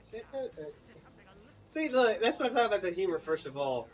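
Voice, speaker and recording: A man's voice: high-pitched, very animated, a little fast, distant mic, lo-fi sound. A young man from Mississippi with a Southern US accent, telling a rambling casual story while playing a video game and breaking off to react to the game. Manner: rambling, many fillers and asides to the game. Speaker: gaming channel co-host. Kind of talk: casual storytelling over gameplay.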